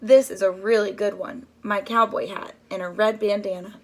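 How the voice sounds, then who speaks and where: A woman's voice: mid-range voice, steady tone, natural voice. A woman reading aloud, voicing an earnest young boy in a storybook. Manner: slow, pleading lines; shouts for help.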